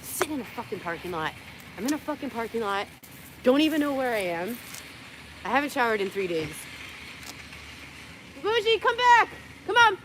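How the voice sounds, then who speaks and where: A woman's voice: on the high side, expressive, brisk, noisy background. A tired young woman rambling through a livestream from her parked car, joking crudely, laughing often and cooing at her dogs. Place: parked car in a parking lot.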